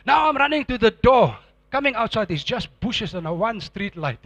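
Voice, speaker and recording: A middle-aged man, preaching a sermon and telling a dramatic testimony, acting out scenes with sudden loud outbursts. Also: high voice, very animated, normal speed, dry recording.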